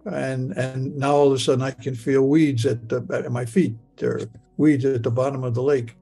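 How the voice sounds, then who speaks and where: A man's voice: medium pitch, little pitch movement, moderate pace, gravelly, dark tone, breathy edge, soft background music. An older man telling a personal story in the present tense, stammering and repeating words as he goes. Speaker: near-death experience storyteller.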